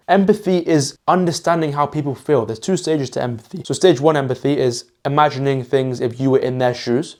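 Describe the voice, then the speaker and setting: A man's voice: medium pitch, a little fast, few pauses, a little mellow. Chatty young man teaching. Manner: chatty, laughs at himself, acts out example dialogues. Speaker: social skills educator. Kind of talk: casual instructional talk.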